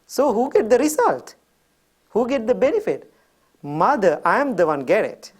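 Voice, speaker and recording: A man's voice: high voice, very animated, moderate pace, slightly rough, voice pushed up, heavily acted. A man quoting his older mother, a pious and insistent woman, in a raised, emphatic voice.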